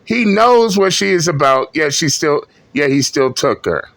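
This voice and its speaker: Slow, gravelly man mocking. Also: a little high, expressive, a bit bright, no room sound. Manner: blunt, profane, scornful. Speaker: reaction commentator. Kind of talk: mocking commentary.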